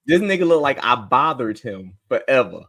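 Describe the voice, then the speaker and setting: Lively man, podcast host. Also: mid-range voice. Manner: lively, teasing, quick to laugh. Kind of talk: casual chat.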